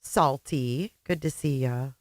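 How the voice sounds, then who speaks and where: A woman's voice: extremely low pitch, slow pace, no echo. A middle-aged woman hosting a casual livestream chat, emotional and teary, greeting viewers by name. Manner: emotional, chatty, reading out viewer names. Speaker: livestream host.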